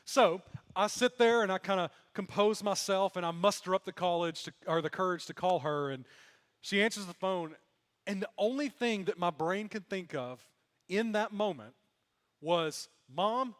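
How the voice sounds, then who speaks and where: A man's voice: high-pitched, normal speed, a bit bright. A young male pastor from Mississippi giving a sermon, telling a self-deprecating story with humor. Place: church sanctuary. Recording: long hall reverb.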